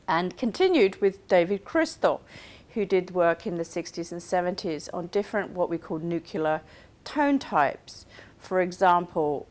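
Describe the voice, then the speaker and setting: A woman lecturer, delivering a recorded online course lecture in a clear, measured, explanatory way. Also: lowish voice. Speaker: university lecturer.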